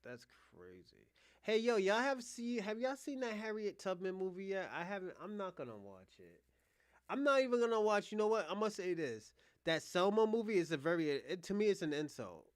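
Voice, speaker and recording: With a voice on the high side, the American streamer keeps up his casual, foul-mouthed, rambling commentary on clips, speaking right to the people watching. The tone is clean, there's no echo, and the audio is studio quality.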